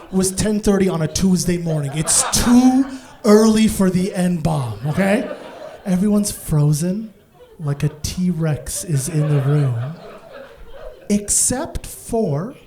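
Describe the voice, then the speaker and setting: A man from Africa performing live stand-up, telling an office story that keeps building and bursting into loud shouted punchlines. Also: high voice, slow pace. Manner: animated, escalating, bursts into shouts. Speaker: stand-up comedian. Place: stage before a live audience.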